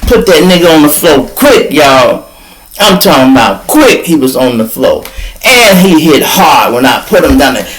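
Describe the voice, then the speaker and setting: Older man, Chicago accent, high voice, swooping delivery, profane animated storytelling. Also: normal speed, rough recording. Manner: animated, profane, sound effects. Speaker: podcast host. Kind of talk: casual storytelling.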